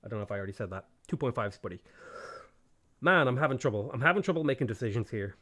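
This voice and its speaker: A man's voice: mid-range voice, expressive, racing, sharp tone. Guy live-streaming a strategy game, mutters the same question over and over, lots of ups and downs in his voice. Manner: thinks aloud, mutters repeated questions, laughs often; thanks viewers by name between moves. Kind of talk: casual live-stream commentary.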